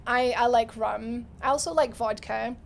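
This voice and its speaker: Scottish woman, young, high voice, chatty game streamer, laughs a lot, faint rumble behind. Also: fairly even intonation, measured pace, creaky. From Scotland. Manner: chatty, laughs often, reads chat aloud. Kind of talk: casual game stream chat.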